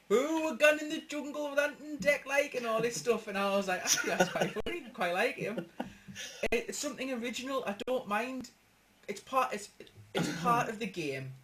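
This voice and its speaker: A man's voice: high voice, a bit bright, slight background noise. A man with a Geordie accent hosting a casual gaming chat, chatty and laughing, with some swearing. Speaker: gaming channel host. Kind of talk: casual banter podcast.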